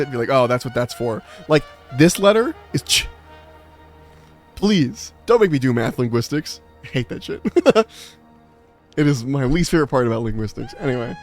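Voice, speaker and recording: A young man streaming a game in casual chat, rambling on a side topic, swearing and laughing at himself. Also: medium pitch.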